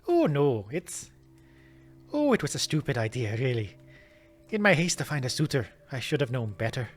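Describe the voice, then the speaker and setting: A man putting on a young Irish woman with fading visions, raising his voice high and lively. She sounds soft, earnest and a little apologetic, read straight from a game. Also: moderate pace, soft background music, close to an everyday voice. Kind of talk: reading game dialogue aloud.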